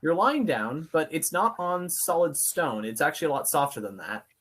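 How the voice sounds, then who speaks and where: A man's voice: on the high side, big pitch swings, moderate pace, a bit bright, slightly rough. A man running a tabletop game as game master, describing scenes with some hesitant fillers.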